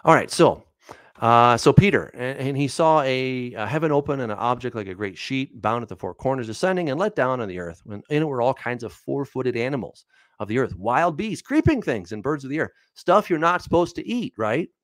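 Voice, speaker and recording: A male Bible teacher talks through viewer questions in an animated, chatty way, and his pitch swings up and down a lot. He keeps checking in with "right?" and "all right". His voice sits in a dry, close space with no room echo. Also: a little fast. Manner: explains by reading verses and asking questions. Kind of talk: casual Bible Q&A.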